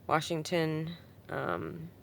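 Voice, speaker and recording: A woman's voice: sits low, steady tone, drawn-out words, gravelly, a little hiss or hum. A woman talking in a casual, rambling vlog monologue at home, full of ums and likes, swinging from subdued to heated. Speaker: vlogger answering a comment. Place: at home with her cat.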